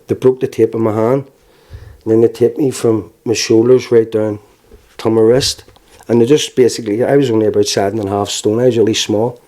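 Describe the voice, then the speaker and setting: Belfast guy, 40s, mellow low-ish voice, just talking through what happened, restarts a lot. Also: steady tone, a little fast. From Northern Ireland. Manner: plain conversational storytelling with restarts and wry laughs. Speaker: interviewee. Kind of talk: personal testimony.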